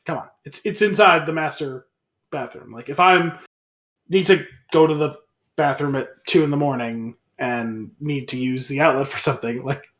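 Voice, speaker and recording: A man's voice: on the high side, normal speed, fairly bright tone. A man co-hosting a podcast in casual chat who makes wry, quippy remarks. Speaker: podcast co-host.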